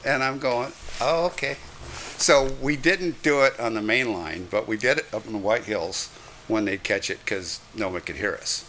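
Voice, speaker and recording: An older man recounts his years on the railroad with lively, chuckling asides. His voice is bright and forceful, sitting a little low. The storytelling is loose and conversational. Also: normal speed, slight background noise. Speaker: retired railroad conductor. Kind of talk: reminiscing storytelling.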